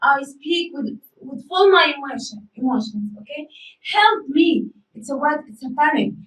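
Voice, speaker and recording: A woman's voice: sits high, expressive, normal speed, fairly bright tone, recorded from a distance. A woman whose first language is Arabic teaches an English lesson, repeating key words and asking the class rhetorical questions. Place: school studio. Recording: echoey room, voice from off-mic.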